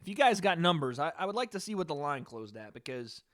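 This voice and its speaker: A man with a high voice hosts a live stream, giving casual, rambling reaction commentary. He talks loosely to his chat and swears now and then. The sound is dry and close. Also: fast, no echo. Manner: relaxed, rambling, profane, talking to chat.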